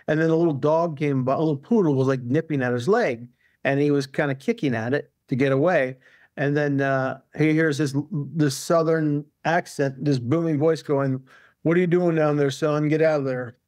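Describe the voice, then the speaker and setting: Man, guest author, rambling storyteller, slightly raised pitch, dry close sound. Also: a little mellow, dry recording. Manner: rambling anecdotes with many fillers and restarts. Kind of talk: casual interview storytelling.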